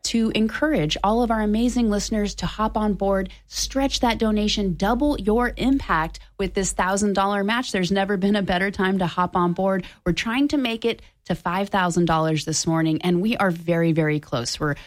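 A woman's voice: medium pitch, normal speed, few pauses. A woman hosting public radio, making an upbeat, persuasive appeal during a membership drive from a studio microphone.

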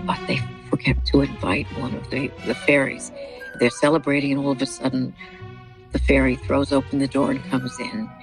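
A woman's voice: very deep voice, level tone, normal speed, vocal fry. A woman conductor describing a recording in an interview, thoughtful and storytelling, with small hesitations. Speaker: orchestra conductor. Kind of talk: relaxed interview talk about a recording. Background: orchestral music underneath.

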